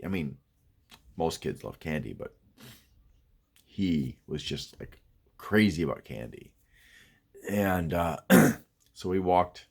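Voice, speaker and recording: Man narrating a creepy tale, hushed, pitch leaping around; spooky storyteller read. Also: creaky, slightly rough. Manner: hushed, swinging to frantic cries. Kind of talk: spoken horror story.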